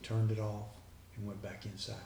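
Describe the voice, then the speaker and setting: A man's voice: fairly low pitch, little pitch movement, normal speed, gravelly, warm tone, far from the mic, slight background noise. A man, a guest earnestly retelling a conversation line by line. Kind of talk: personal storytelling. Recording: echoey room with faint background ambience.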